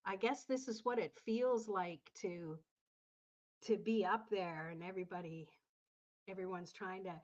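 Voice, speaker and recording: A woman of middle pitch hosts a relaxed tarot livestream, speaking to her viewers in a chatty, encouraging way. Her voice comes through a slightly dull, lo-fi recording. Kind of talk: casual livestream chat.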